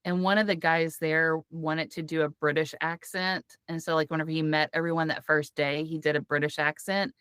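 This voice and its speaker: A woman's voice: low-pitched, flat delivery, a little fast, few pauses, a bit bright, clean tone, no echo, clean studio sound. A woman hosting a podcast, chatting casually, telling stories and laughing often. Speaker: podcast host.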